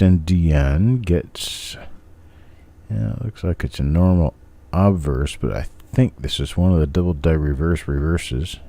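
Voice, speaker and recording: An older man with a deep, low voice and a mellow, dark tone. He rambles and jokes with his viewers by name as he hosts a live stream, looking over coins one at a time. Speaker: host. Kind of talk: live coin roll hunting chat.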